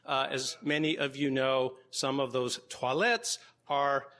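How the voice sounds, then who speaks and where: A man's voice: medium pitch, fairly even intonation, slow pace, a bit bright, slight background noise. A man, a law professor, giving opening remarks to a live audience in a lecture room, with wry humorous asides. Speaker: law professor and conference co-organizer.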